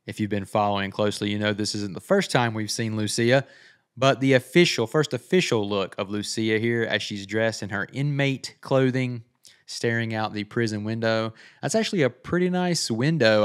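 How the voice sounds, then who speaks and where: Middle-aged male gaming host, deeper voice with a smooth, clean tone, chatty trailer breakdown. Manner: chatty, thinking aloud with frequent "uh"s. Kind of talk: casual game trailer breakdown.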